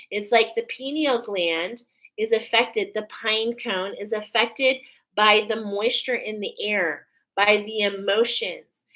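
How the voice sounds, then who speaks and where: A woman talks her viewers through an oracle card reading in a slow, unhurried way. Her tone is earnest and soothing, and she keeps checking in with a gentle "okay?" Her voice sits at an everyday middle pitch. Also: rough recording.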